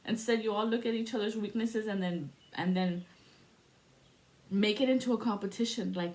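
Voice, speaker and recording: A woman in her forties from the United States, telling stories in a casual, profane, animated monologue as a spiritual vlogger. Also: medium pitch, moderate pace. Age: 40s. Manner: profane, animated storytelling with laughs.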